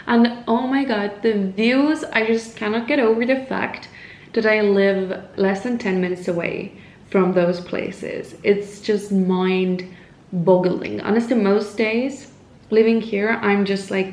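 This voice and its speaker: A woman from Estonia vlogging at home, her voice at a middle pitch. She talks in a loose, rambling way, full of "like" and false starts, and often drops to a soft, hushed tone. The room around her gives a roomy echo. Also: steady tone, slow. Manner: rambling, filler-heavy, with frequent "like" and restarts. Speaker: lifestyle vlogger. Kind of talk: casual chat to camera. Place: at home indoors, with her cat nearby.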